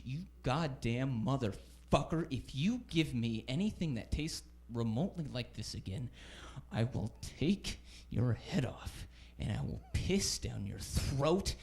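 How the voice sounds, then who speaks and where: A man playing an enraged candy company boss who growls profane threats in a low, slow voice. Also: lightly acted. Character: furious gruff male candy boss.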